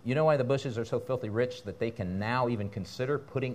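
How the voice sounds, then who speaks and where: A man preaching a sermon as pastor in a church, fiery and animated, breaking into laughter and asides. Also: medium pitch, fast talker, hardly any pauses.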